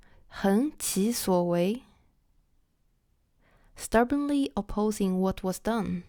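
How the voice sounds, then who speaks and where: A woman teaching Chinese in a scripted lesson, repeating each example phrase slowly and carefully for learners. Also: medium pitch, warm tone, no echo, studio quality.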